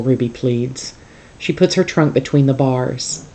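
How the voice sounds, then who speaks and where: A teacher reading a novel aloud to a class in a calm, steady storytelling manner. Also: mid-range voice, a little slow.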